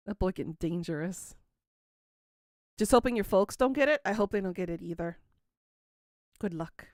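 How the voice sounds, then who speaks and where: A woman's voice: medium pitch, dry recording, studio quality. A woman in her thirties hosting a livestream, chatting casually and teasing her viewers as she answers them. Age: 30s. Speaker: livestream host. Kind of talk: casual chat with live viewers.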